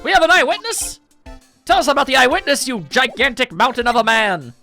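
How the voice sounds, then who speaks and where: A man voicing a perky young woman spirit medium, with loud, excited exclamations. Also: extremely high pitch, fairly quick, gravelly, faint music behind, voice pushed up, heavily acted.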